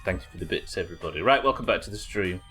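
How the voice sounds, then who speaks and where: A man's voice: low-pitched, expressive, very fast, bright, forceful tone, faint music behind. A man streaming a game live, chatting to viewers and thinking aloud as he plays. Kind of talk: live gameplay commentary.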